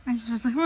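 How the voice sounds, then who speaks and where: A woman's voice: mid-range voice, a bit bright, a little hiss or hum. A woman in her thirties, a crafting vlogger, chatting casually and telling stories with plenty of fillers and playful voices for quotes. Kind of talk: casual storytelling chat.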